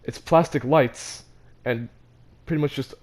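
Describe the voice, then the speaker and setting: A teenage boy tells a personal story in a loose, casual way. His voice sits at an ordinary middle pitch. He laughs between phrases and often restarts his sentences. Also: unhurried, a little mellow. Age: teens. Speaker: vlogger.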